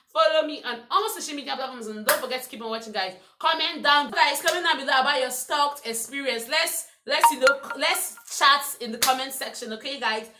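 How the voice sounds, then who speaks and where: A young woman vlogger telling a story in a casual, exasperated, animated way. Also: high voice, echoey room, background noise. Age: young adult. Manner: animated, exasperated retelling with quoted voices.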